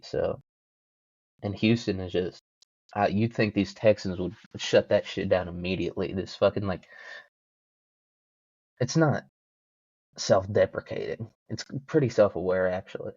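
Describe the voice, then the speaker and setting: A man's voice: low voice, measured pace, long pauses, a little mellow, no echo, muffled recording. Rambling, profane young man. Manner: profane, self-mocking, rambling. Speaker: podcast host. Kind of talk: casual rambling solo podcast.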